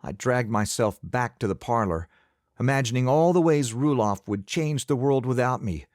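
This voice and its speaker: A man narrating an audiobook in the first person, measured and expressive. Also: medium pitch, no room sound, clean studio sound.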